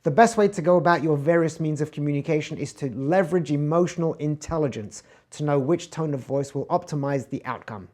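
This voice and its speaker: A man teaching communication skills in an online course, swinging between loud, bright emphasis and soft, low murmurs to demonstrate tone of voice. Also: a little fast, hardly any pauses. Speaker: communication coach. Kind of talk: instructional talk from an online course.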